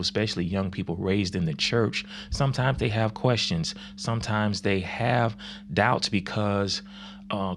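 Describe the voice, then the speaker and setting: A man's voice: low-pitched, slight background noise. A man who works as a youth minister, teaching on faith in a casual, conversational way that is full of fillers and acted-out quotes.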